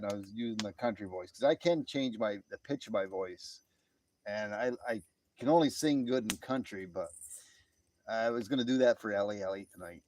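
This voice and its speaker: A man's voice: on the low side, a little mellow, slight background noise. A man hosting a casual late-night live stream, talking outdoors in a laid-back way, chuckling often and reading out chat messages.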